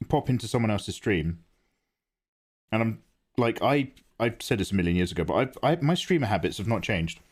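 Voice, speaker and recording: A man streaming his drawing live, chatting casually and self-deprecatingly while he explains his choices. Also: fairly low pitch. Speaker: art streamer.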